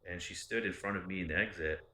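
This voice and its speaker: Low-voiced man, candid and profane. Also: fast talker, pushed and bright. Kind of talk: casual storytelling. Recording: roomy echo.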